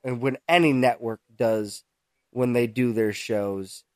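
Slow, halting young man with a dry voice. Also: medium pitch, steady tone, a little mellow, no room sound. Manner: halting, rambling, searches for words, swears. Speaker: podcast co-host. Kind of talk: casual chat.

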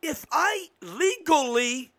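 A man giving an impassioned political monologue as host, emphatic and given to sudden loud outbursts. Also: very high voice, animated, slow.

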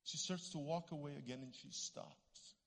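In a church sanctuary with long reverb, a middle-aged Canadian man preaches as a guest, acting out voices as he tells lively stories. His voice sits a little high, with vocal fry, at a moderate pace.

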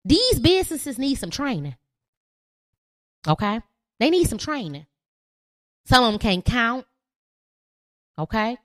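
Young woman, podcast host; loud, profane, preachy rant with a lively, swooping delivery. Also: a little high, takes it slowly, long pauses. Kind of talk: ranting monologue.

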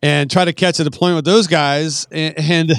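A man's voice: fairly high pitch, fairly even intonation, moderate pace, smooth, dry recording. A retired Marine man in his forties telling rambling, profane war stories in a casual podcast interview.

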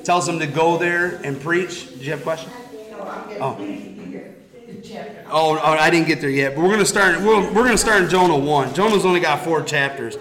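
Lively man leading a Bible study. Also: a little high, normal speed, crowd noise. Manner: lively storytelling, retells scripture casually. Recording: echoey room.

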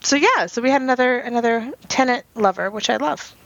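A woman's voice: a little high, fairly quick, no echo, dull audio. A woman in her late thirties co-hosting a podcast, telling stories in casual chat with frequent giggles. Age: late 30s. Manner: giggly, animated storyteller; self-described anxious. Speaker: podcast co-host.

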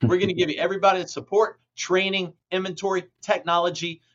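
A man's voice: sits high, fairly even intonation, fast talker, a bit bright. Blunt, emphatic man on a muffled line. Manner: emphatic, blunt motivational speaker. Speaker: franchise company president, guest. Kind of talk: podcast interview answer. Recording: muffled lo-fi audio.

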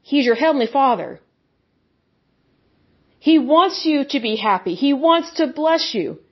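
Speaking a little slowly in an animated, high voice, a woman preaches with passion on a lo-fi recording. She scorns the views she opposes, bluntly mocking their holders by mimicking them in put-on voices.

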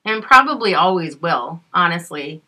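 Bright-voiced chatty woman co-host. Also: fairly low pitch, animated, normal speed. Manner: chatty, swears freely, laughs often. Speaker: podcast co-host. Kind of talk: casual chat.

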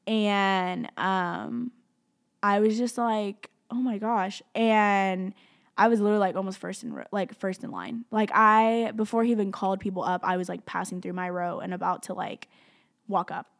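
A woman's voice: mid-range voice, steady tone, normal speed, gravelly. Young woman, vlogger; open, emotional storytelling with many fillers. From outside the US. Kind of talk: personal storytelling to camera.

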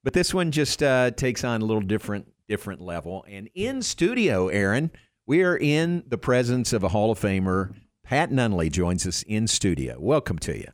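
An older man hosts a relaxed interview from a radio studio. His voice sits a bit low, and the sound is close and dry with no room echo. He is friendly and laughs easily. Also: moderate pace. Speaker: radio show host.

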